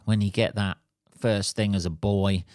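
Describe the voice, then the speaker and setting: A middle-aged man hosting a podcast, telling a story as an animated, sweary rant. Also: fairly low pitch, measured pace, no echo, studio quality. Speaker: podcast host. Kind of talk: casual monologue.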